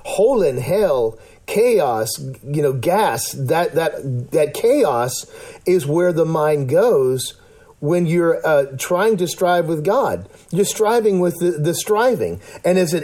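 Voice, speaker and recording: A man's voice: a little high, dark tone. A man in casual discussion, talking earnestly in a rambling way with many restarts and fillers.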